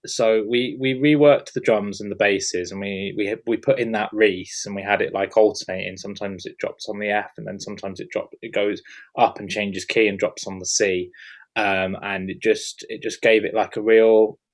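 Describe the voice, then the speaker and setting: Low-voiced man, hesitant chat. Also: steady tone, moderate pace. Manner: hesitant, many fillers and restarts. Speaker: producer hosting an interview. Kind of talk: casual interview chat.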